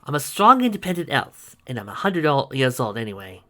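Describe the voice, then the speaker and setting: A reader voicing a haughty, sharp-tongued female elf archer in a fantasy tavern story, scornful and threatening. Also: mid-range voice, very animated, fairly quick.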